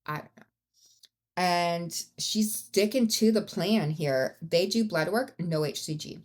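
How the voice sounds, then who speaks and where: A woman's voice: lowish voice, slow. A woman hosting a podcast, telling a true-crime story in a casual, blunt and profane way, with rising outbursts. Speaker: podcast host.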